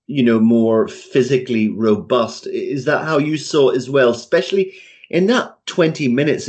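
Man, podcast host, halting questions, casual football chat, mid-pitched voice. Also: darkish tone.

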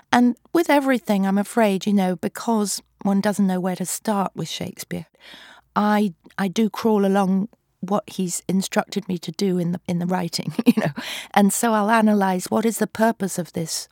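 A woman's voice: mid-range voice, darkish tone, no echo, studio quality. A middle-aged woman, a stage actor, giving thoughtful, articulate interview answers and sometimes searching for the right word.

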